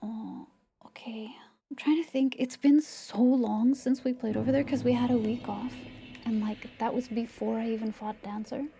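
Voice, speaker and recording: A woman streamer chatting casually while she plays, thinking aloud in a meandering way and often dropping to soft asides. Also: a little high, steady tone, normal speed, a little hiss or hum. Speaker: live streamer. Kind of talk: casual gameplay commentary.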